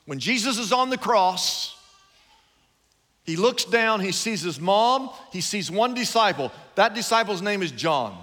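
Male pastor, animated and emphatic, high, bright voice, reverberant church. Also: measured pace. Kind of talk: sermon. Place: large church hall. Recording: long hall reverb.

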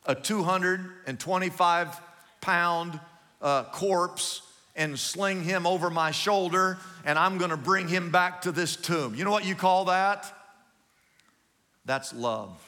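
A male pastor preaching a sermon, swinging between loud emphatic stretches and quiet asides. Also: sits high. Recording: long hall reverb.

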